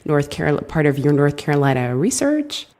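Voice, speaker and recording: A woman interviewing an author, asking long, measured questions. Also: low voice, very animated, a little mellow. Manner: measured, asks long questions with small stumbles. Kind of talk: radio interview.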